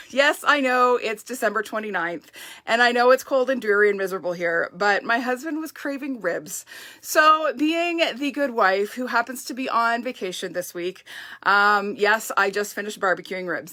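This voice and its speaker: A woman's voice: on the high side, pushed and bright. A woman hosting a casual live stamping craft demo, chatty and upbeat, greeting viewers by name. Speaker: stamping craft demonstrator, host.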